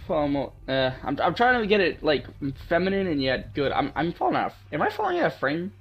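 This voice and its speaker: A man's voice: on the high side, sing-song, brisk, husky, lo-fi sound. A man hosting a gaming channel, giving playful, joking let's play commentary to his viewers.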